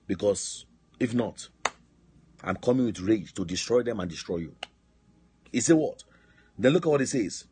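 A man's voice: on the low side, lively intonation, moderate pace, long pauses, a little mellow, slightly rough. A man pastor preaching a sermon, emphatic, asking his listeners call-and-response questions. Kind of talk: sermon on a prayer line. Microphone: phone line.

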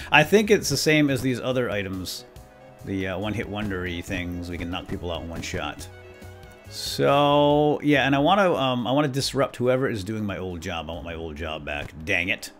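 Chatty man with a lively voice. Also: mid-range voice. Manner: chatty, talks to himself, chuckles often. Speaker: let's play host. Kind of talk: gameplay commentary.

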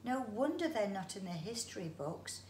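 A woman's voice: mid-range voice, sing-song, normal speed, darkish tone, a little hiss or hum, lightly acted. A woman reading a caring young girl. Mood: earnest. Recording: roomy echo.

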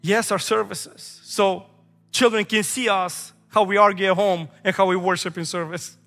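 Man, thirties, pastor, emphatic repetitive sermon, high voice, long church reverb. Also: fairly even intonation, normal speed, bright, forceful tone. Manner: emphatic, repetitive preaching with personal stories. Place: large church sanctuary. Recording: echoey hall with faint music.

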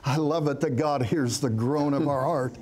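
A man's voice: on the high side, fairly even intonation, moderate pace, a little mellow. A middle-aged man, a pastor, telling his testimony in an interview, earnest and storytelling, laughing now and then. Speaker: pastor, guest.

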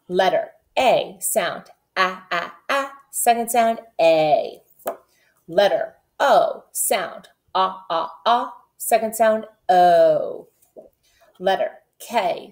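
Speaking in a mid-range voice, a woman runs a kindergarten phonics class online. First come slow, deliberate letter-sound drills, then a rhyme read aloud in an upbeat sing-song.

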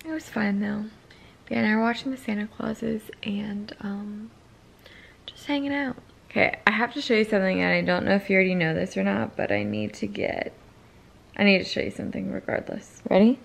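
A woman vlogging casually at home, playful and teasing, quick to laugh. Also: mid-range voice, creaky. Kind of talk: casual home vlog chat. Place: home kitchen and living room. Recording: noisy home recording.

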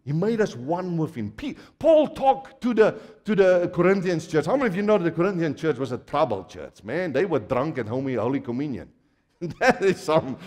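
A man from Africa delivers a sermon with a lively, swooping voice that sits a little high for a man. He moves from soft asides to shouted declarations and laughs often with his audience. The hall's long reverb trails behind every line. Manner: animated preaching that swings from quiet to shouting, laughs often. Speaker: pastor. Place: large church hall. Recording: church hall reverb.

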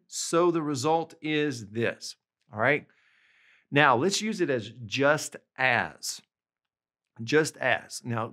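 A man teaching a language lesson, patiently explaining examples and slowing down to say the phrases clearly. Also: medium pitch, a bit bright. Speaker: language tutor.

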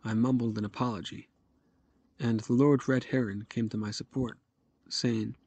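Gravelly, husky male audiobook narrator. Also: mid-range voice, steady tone, moderate pace, darkish tone, dry recording. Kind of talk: scripted first-person novel narration.

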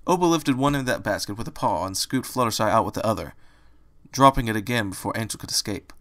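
A man reading a story aloud with an expressive narration style. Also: on the low side, fast talker. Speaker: reader.

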